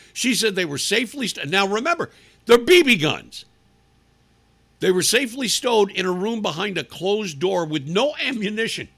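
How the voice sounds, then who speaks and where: Raspy, animated, sarcastic male talk host. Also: sits high. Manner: sarcastic, mocking, acts out people in put-on voices. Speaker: radio talk show host. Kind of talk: opinionated political talk monologue. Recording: live radio broadcast stream.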